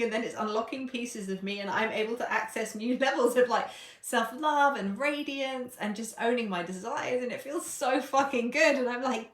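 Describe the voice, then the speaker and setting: A woman's voice: fairly high pitch, fairly quick. A woman coaching on a live stream, playful and irreverent, laughing at herself and swearing casually. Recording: echoey room.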